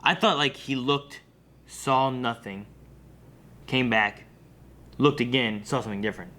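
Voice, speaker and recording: A man's voice: medium pitch, measured pace, pushed and bright. A man co-hosting a reaction video, talking casually and rambling as he thinks aloud.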